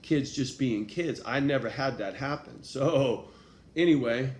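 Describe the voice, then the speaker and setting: A man's voice: mid-range voice, a little slow. A man telling a personal story in a casual, profane way, full of street slang and tag questions. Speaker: vlogger. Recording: echoey room with faint background noise.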